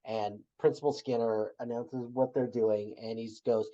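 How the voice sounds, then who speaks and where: A man's voice: mid-range voice, flat delivery, unhurried. Man retelling scenes on dull audio. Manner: retells scenes, trails off quietly. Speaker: podcast co-host. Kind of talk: casual chat.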